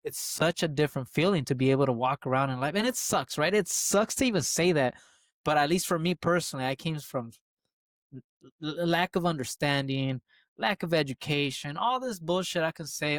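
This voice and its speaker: Guy on a podcast, kinda high voice, dry close sound, swears a lot, repeats stuff for emphasis. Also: a little fast, no room sound. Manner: animated, swearing freely, repeating phrases for emphasis. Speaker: podcast co-host. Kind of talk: casual chat.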